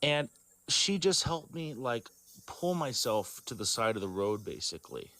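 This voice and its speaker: A man being interviewed, telling a personal story in a rambling, halting way, full of fillers and self-corrections. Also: medium pitch, big pitch swings, pushed and bright, dry recording. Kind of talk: casual storytelling.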